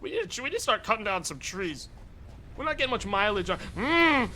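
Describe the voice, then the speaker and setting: A young man streaming a game live, talking to his chat, excitable and swearing often. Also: high-pitched, brisk, a little hiss or hum.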